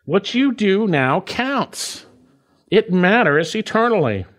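Emphatic male preacher, lively pitch. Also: slow pace. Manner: emphatic, repeats key phrases, rising and falling delivery. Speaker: pastor. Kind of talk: expository sermon.

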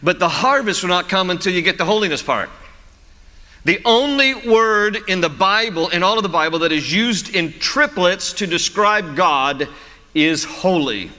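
A man's voice: high-pitched, lively intonation, moderate pace, bright, forceful tone, long reverb tail. A man preaching a sermon as pastor, storytelling with humor and frequent chuckles.

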